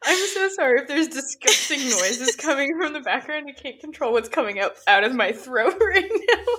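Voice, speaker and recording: A woman's voice: sits high, very animated, normal speed, pushed and bright. A young woman in her twenties chatting casually as a co-host, joking and laughing a lot. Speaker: podcast co-host. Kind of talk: casual chat.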